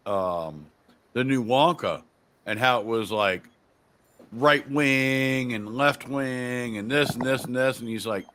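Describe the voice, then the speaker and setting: A man's voice: medium pitch, slow pace, slight background noise. Profane, rambling podcast host man. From Virginia. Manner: profane, rambling, animated storytelling. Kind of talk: casual panel chat.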